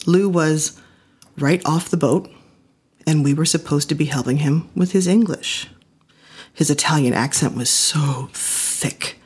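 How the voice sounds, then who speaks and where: A woman tells a family story in the first person, her delivery intimate and reflective. Her voice is on the low side with a husky, slightly breathy texture. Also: unhurried, darkish tone.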